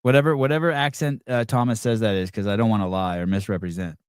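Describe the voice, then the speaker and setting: A man's voice: on the low side, steady tone, quick pace, clean tone, no echo, studio quality. Sarcastic rambling male podcast host. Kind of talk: live call-in chat.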